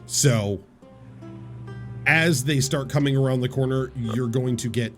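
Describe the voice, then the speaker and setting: A man's voice: medium pitch, a little slow, faint music behind. A man narrating as game master, describing scenes and calling for rolls.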